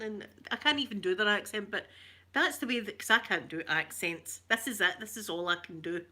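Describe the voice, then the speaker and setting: A woman with a broad Glaswegian accent hosts a casual chat with her viewers. Her voice is bright and sharp, and she wanders from story to story with easy, self-mocking laughs. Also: mid-range voice, a little fast. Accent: Glaswegian Scottish. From Glasgow, Scotland. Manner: rambling and chatty, laughs often, self-mocking. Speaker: ASMR channel host reading viewer comments.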